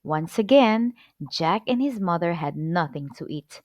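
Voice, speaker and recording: Woman, storyteller, children's story read aloud, expressive, lively pitch, slow, dry close sound. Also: no room sound. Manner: expressive, clear storybook delivery.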